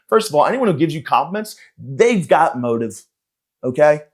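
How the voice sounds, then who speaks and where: A man's voice: a little high, sing-song, normal speed. Profane ranting man podcaster. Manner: profane, sarcastic, rambling. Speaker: comedian podcast host. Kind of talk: ranting comedic monologue.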